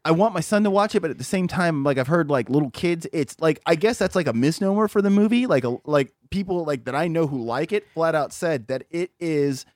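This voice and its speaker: A man with a fairly high voice co-hosts a loose podcast chat, rambling through stories with constant fillers and swearing. The sound is close and dry, with no room around it. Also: animated, fairly quick, hardly any pauses, a little mellow, dry recording. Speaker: podcast co-host.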